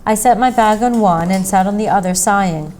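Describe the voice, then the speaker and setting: A woman's voice: mid-range voice, brisk, a little mellow, a little hiss or hum, poor audio. Woman reading a mystery story aloud. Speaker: story reader.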